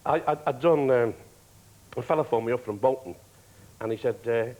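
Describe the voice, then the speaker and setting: A man, a guest on a TV talk show, telling stories in a lively way, often laughing and acting out other people's lines. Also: medium pitch, brisk, rough recording. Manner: lively raconteur, laughs often, acts out quoted voices. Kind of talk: anecdotal storytelling. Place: TV studio.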